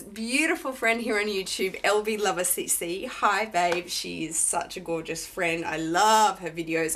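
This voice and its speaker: Female vlogger, mid-pitched and slow-paced, effusive unboxing chat. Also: a bit bright, a little hiss or hum. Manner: gushing, effusive. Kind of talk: luxury handbag unboxing.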